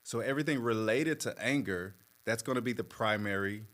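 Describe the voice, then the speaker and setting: A man working as a therapist, explaining in a measured, patient way with plenty of fillers. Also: fairly low pitch, a bit bright. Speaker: therapist guest. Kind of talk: conversational explanation.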